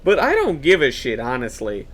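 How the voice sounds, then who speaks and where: A man's voice: mid-range voice, wildly swooping pitch, moderate pace, a bit bright. A young man giving let's play commentary, grumbling sarcastically and swearing as he plays. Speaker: gaming video host.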